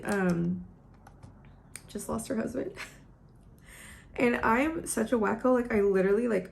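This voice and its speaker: In a get-ready-with-me video, a young beauty vlogger talks casually at home as she does her makeup, emotional and rambling, on the verge of crying. Her mid-range voice has vocal fry and a darkish tone.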